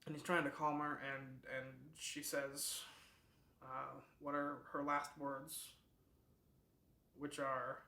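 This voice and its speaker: A man's voice: medium pitch, completely flat delivery, slow, bright, forceful tone. A man hosting a book club, retelling a novel's plot in a casual, chatty way, full of fillers and restarts. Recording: echoey room.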